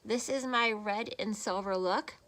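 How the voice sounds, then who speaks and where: A woman's voice: mid-range voice, measured pace, fairly bright tone. A woman beauty vlogger chatting casually through a makeup tutorial, rambling and self-deprecating, filmed on her phone at home. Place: home room, filming on a phone. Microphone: phone camera.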